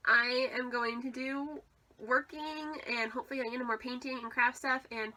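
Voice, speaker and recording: A woman's voice: sits high, steady tone, moderate pace, bright, forceful tone. A young adult woman chatting casually about books as a vlogger, rambling with lots of likes and ums. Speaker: book vlogger. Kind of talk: casual vlog chat.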